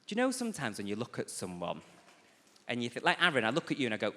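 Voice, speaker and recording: A man, doing a stand-up routine on a theatre stage with animated, camp storytelling and sharp asides. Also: mid-range voice, quick pace. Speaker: stand-up comedian. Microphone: handheld stage mic. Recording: roomy live theatre sound. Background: audience laughter.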